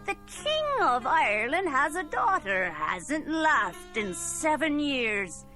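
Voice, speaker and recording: A woman voicing a knowing old woman who confides news slowly. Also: sits high, big pitch swings, bright, forceful tone, soft background music, voice pushed up, heavily acted. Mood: confiding.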